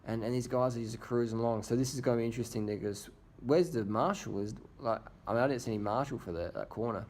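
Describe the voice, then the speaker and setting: A man's voice: medium pitch, fast, a little mellow. A man giving casual, crude, joking commentary over race footage as the host of his channel. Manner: crude, joking, profane banter. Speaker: video host.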